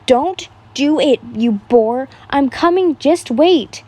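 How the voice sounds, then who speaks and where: A sleepy, irritable schoolgirl in a read-aloud fan story, played by a woman. She is grumpy and sarcastic. Her voice is mellow and fairly high. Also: expressive, a little fast. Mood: exasperated.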